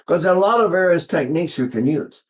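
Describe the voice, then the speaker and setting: An elderly man in his eighties talks through a singing lesson in a loose, wandering way. His speaking voice sits somewhat high for a man. He keeps circling back and pausing to show what he means with his own voice. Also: expressive. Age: 80s. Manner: rambling, digressive, breaks off to demonstrate sounds. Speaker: voice teacher. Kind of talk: informal vocal lesson talk.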